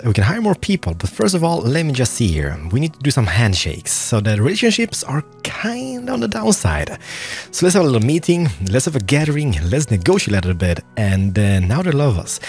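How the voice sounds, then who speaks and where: A young man casually commentating his play through a strategy game, excitable and muttering to himself as he plays. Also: mid-range voice. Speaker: gaming YouTuber. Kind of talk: gameplay commentary.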